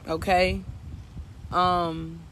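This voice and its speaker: A man's voice: high voice, flat delivery, drawn-out words, creaky, pushed and bright, slight background noise. A man working as a spiritual coach, giving a casual, preachy reading to viewers and repeating his points. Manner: preachy, repetitive, addresses viewers as y'all.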